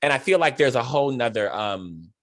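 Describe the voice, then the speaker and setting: A man's voice: medium pitch, animated, a little fast, a bit bright, no echo, clean studio sound. A man hosting a video-call interview, talking in an effusive, emotional way with many fillers and restarts. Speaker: host.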